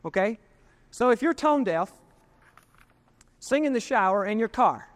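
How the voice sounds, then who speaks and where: A male pastor delivers a sermon in a fairly high-pitched voice. He preaches emphatically, slows down to stretch out key words and swells loud, then drops into folksy asides. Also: expressive. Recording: archival 1992 sermon recording.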